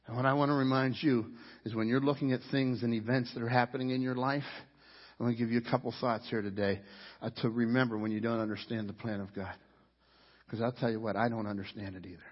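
A man preaching a sermon with great passion, rising to loud cries as he voices people's complaints to God. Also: mid-range voice, steady tone, brisk, breathy edge. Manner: impassioned preaching, rising to near shouts when voicing complaints to God. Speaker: pastor. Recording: dull sound with long hall reverb.

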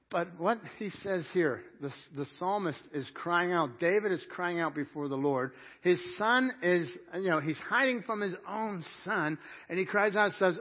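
Lively high-voiced male pastor preaching. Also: highs cut off. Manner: preaching with rising emphasis and direct questions to the congregation; repeats words and restarts phrases. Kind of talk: sermon.

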